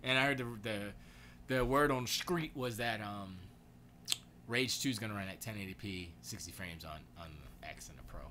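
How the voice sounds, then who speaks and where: Male stream host, bright and sharp tone, casual slangy banter, faint background hiss. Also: lowish voice, moderate pace. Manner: loose, excitable, slangy rambling. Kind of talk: casual gaming and movie chat. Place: home studio.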